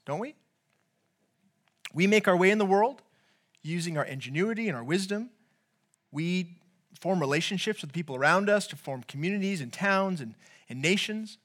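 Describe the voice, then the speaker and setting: Speaking from the pulpit in a high-sitting voice, a man preaches as if chatting and telling stories. His sentences often restart, and quotations come out louder than the rest.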